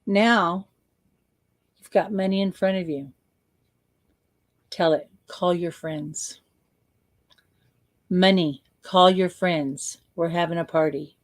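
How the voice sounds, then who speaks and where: A woman coach leading a guided visualization, slow and playful, repeating words for emphasis. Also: lowish voice, no room sound.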